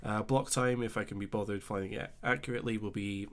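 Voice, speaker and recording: A young man with a Scottish accent hosting a casual live stream, chatting easily and reading out viewer comments with relaxed filler pauses. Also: lowish voice. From Scotland. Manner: chatty and easygoing, thinking aloud with filler pauses.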